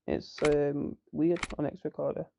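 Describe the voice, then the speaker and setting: Lad venting, swears a lot, high voice, dull muffled broken mic. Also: male voice, flat delivery, a little slow, gravelly, noisy background. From northern England. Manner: heated sweary storytelling. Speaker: online roleplay gamer. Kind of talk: casual chat.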